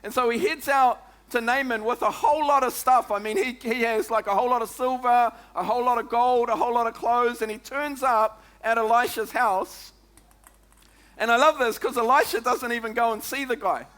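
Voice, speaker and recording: A New Zealand man preaching, his voice sitting very high and ringing bright and forceful. He talks to his congregation in a lively, chatty way, tossing in "come on" and "eh?" as he goes. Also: normal speed. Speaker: pastor. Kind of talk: sermon.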